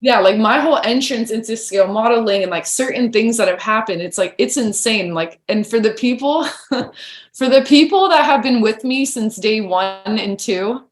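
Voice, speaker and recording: A woman guest on a podcast, telling stories in a lively, chatty way and acting out what people said. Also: on the high side, moderate pace, roomy sound. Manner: animated, chatty, acts out quoted remarks. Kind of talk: casual storytelling chat.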